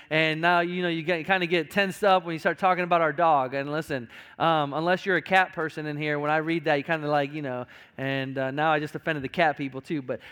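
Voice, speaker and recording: High-voiced pastor preaching emphatically. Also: male voice, a bit bright, smooth. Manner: emphatic, repeats words, stammers on restarts. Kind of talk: sermon. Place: church sanctuary.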